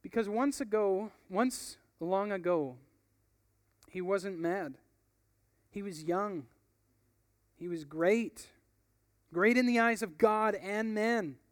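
A man reading as a calm, resolute leader. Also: sits high, dry recording, clean studio sound. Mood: gentle. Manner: slow and gentle, then firmly insistent. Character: calm, resolute male leader, gentle but firm. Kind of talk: dramatic reading of a book passage.

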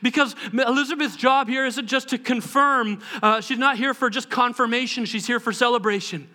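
A man preaching a sermon as pastor, animated and bursting into shouted voices as he acts out scenes. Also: very high voice, moderate pace.

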